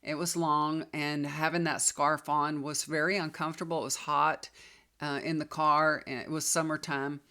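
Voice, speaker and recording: Woman in her fifties, warm storytelling vlog delivery, confiding and casual. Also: low voice, level tone, moderate pace. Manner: chatty, confiding, addresses viewers as y'all. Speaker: tarot reader and healer.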